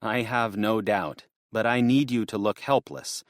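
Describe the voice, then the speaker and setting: A man's voice: fairly low pitch, fairly even intonation, a little slow, no echo, studio quality, close to an everyday voice. A man voicing an anxious young man who pleads and pushes to get where he is going. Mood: urgent, pleading. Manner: earnest, urgent.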